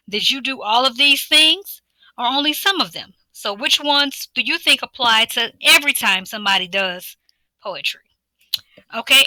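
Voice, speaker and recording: A woman teacher narrating a recorded slide lesson, running through a list of questions in a steady teacherly rhythm. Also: fairly high pitch, no room sound, low-quality recording.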